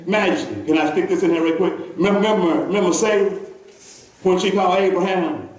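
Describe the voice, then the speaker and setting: A man's voice: sits high, fast, a little mellow. A man preaching a sermon in a church, talking with the congregation and often repeating himself. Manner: conversational preaching, calls to the congregation, many repeats. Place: church sanctuary. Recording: echoey church from far off.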